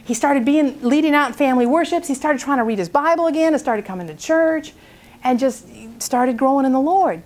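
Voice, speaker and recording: A woman speaking at a prayer seminar, telling a story in an animated way and acting out its people. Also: high voice, fairly quick.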